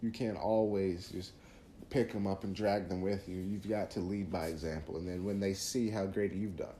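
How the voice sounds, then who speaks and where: A man's voice: deep voice, steady tone, normal speed, dark tone, roomy sound, a little hiss or hum. A man hosting a podcast, talking earnestly through faith advice in a casual monologue, often restarting phrases. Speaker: podcast host.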